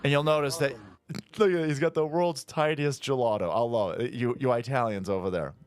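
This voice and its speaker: A man's voice: mid-range voice, a little fast, clean tone. A man hosting a show, giving crude, mocking play-by-play commentary over video clips. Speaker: show host.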